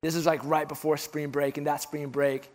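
A young man preaching a sermon, telling stories and dropping low and soft for confessions, then lifting his voice for questions. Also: level tone, normal speed. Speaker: pastor.

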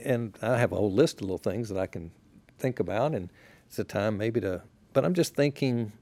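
Gravelly-voiced man, relaxed pastor chat. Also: lowish voice. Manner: reflective, unhurried, with frequent restarts. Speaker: pastor, podcast guest. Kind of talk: relaxed conversational storytelling.

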